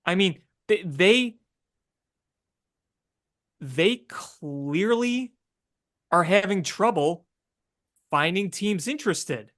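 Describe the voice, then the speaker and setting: A man's voice: sits high, expressive, drawn-out words, pauses often, fairly bright tone. A man co-hosting a sports talk podcast, chatting casually and agreeably with frequent fillers. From Chicago area.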